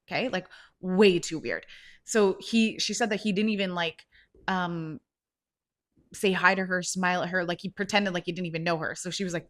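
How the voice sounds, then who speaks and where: A woman hosting a podcast, retelling a story in a casual, animated way with lots of "like" fillers. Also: on the low side, fairly quick. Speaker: podcast host.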